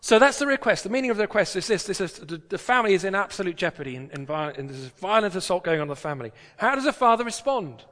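A man's voice: high voice, sing-song, racing, few pauses, a bit bright, big-room sound. A British man preaching a sermon in a church, talking in a conversational, emphatic way with rhetorical questions.

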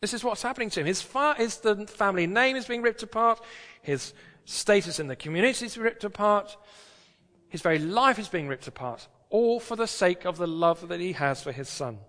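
A man's voice: sits high, lively intonation, normal speed, a bit bright, big-room sound. A British man preaching a sermon in a church, talking in a conversational, emphatic way with rhetorical questions.

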